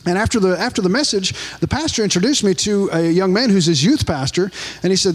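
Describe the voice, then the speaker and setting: A Louisiana man preaching a sermon in a high voice that leaps up and down. He tells stories in an animated way and circles back over his own phrases. His voice rings on in a reverberant church hall. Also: brisk.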